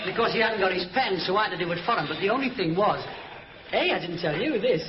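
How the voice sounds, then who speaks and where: An actor playing a cheeky young Northern English lad with a Northern English accent, telling a mocking story in a vintage broadcast sitcom. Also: male voice, sits high, lively intonation, fast talker, a crowd in the background. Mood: teasing. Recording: noisy dull archive audio.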